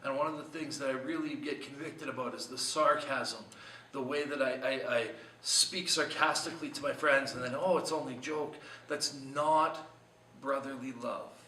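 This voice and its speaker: A man's voice: mid-range voice, fairly even intonation, moderate pace, sharp tone, roomy sound, recorded from a distance, slight background noise, low-quality recording. A man preaching a short devotional sermon in an earnest, conversational way, asking his listeners many questions. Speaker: pastor.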